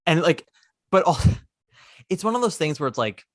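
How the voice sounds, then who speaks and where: A man hosting a podcast, casually recounting a musical's plot with lively asides. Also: on the high side, measured pace, dry recording, studio quality. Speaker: podcast host. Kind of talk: casual chat.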